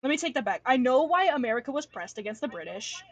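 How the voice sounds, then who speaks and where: A woman's voice: sits high, very animated, fast talker, slightly rough, dry recording. A young woman from Alaska rambling casually on a livestream, slangy, self-deprecating and swearing freely, speaking at home at her computer. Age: young adult. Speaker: streamer. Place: home room.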